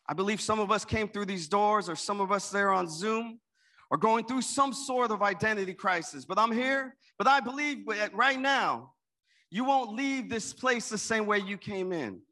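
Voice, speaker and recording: Man, pastor, high voice, bright tone, call-and-response sermon. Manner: call-and-response preaching, rising and dropping volume. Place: church with an in-person and online congregation.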